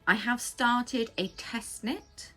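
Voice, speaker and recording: An English woman chatting casually as the host of a knitting podcast, rambling with quick asides. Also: on the high side, pushed and bright, soft background music. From England. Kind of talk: casual chat. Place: home.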